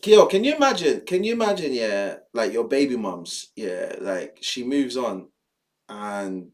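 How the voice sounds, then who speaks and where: A man's voice: medium pitch, very animated, a little slow. A man ranting in exasperation as he reacts to news clips on his stream, swearing and using slang.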